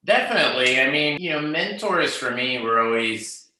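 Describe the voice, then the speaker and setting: Male guest, easygoing chat, lots of fillers; bright tone, echoey room. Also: mid-range voice, moderate pace. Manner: relaxed, loose, with frequent "you know" fillers. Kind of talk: casual conversation.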